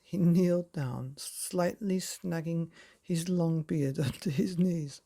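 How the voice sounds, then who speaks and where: A man reads a bedtime story aloud in a cosy, theatrical way. His voice is husky and mellow, with a gravelly rasp. He takes his time over every line. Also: a little high, takes it slowly. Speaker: bedtime story narrator and host.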